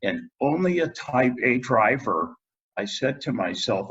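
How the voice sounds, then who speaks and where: Middle-aged male guest, husky low voice, lively storyteller doing quotes, muffled lo-fi recording. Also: unhurried. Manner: animated storyteller, acts out quotes. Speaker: guest dentist. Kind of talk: storytelling in a podcast interview.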